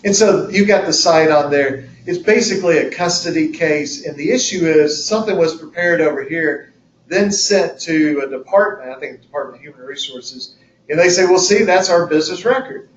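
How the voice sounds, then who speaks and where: Male lawyer presenter, folksy, acts out courtroom bits, higher voice, heard from a distance in an echoey room with a dull, lo-fi sound. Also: normal speed, a little hiss or hum. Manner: folksy, uses acted-out courtroom examples. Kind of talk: conversational legal lecture.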